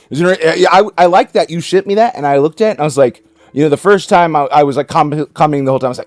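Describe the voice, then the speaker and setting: A man's voice: fairly high pitch, very fast, no echo. A man streaming a game, chatting casually with viewers and cooing baby talk at his dog.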